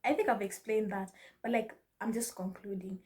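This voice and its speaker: A young woman giving casual life advice to her viewers, animated and laughing often, mixing in Swahili slang. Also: mid-range voice, moderate pace. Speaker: vlogger. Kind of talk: casual advice talk to camera.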